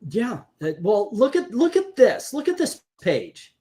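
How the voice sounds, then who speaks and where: A man hosting a casual comic book review chat, talking in an animated, chatty way and laughing easily. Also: very high-pitched, unhurried. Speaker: comic book show host.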